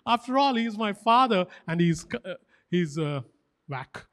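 A pastor delivers a fervent sermon in a high-pitched male voice. He drives points home by repeating short phrases with emphatic insistence. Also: slow. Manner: fervent, animated exhortation.

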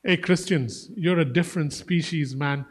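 A man's voice: fairly high pitch, moderate pace, husky. A man preaching a casual, joking sermon to a congregation, acting out voices as he tells stories. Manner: joking, animated, acts out voices. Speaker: guest preacher.

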